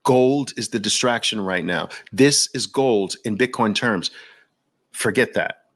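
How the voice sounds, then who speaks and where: Talking to camera as host, a man with a New York Brooklyn accent preaches with passion and hammers his points through repetition. He speaks unhurriedly in a lowish voice with a fairly bright tone.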